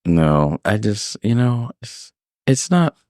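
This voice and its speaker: Podcast host, male, low voice, animated storyteller, dry sound. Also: slow pace, dry recording. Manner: animated storyteller, acts out customers with big pitch jumps. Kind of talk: casual storytelling chat.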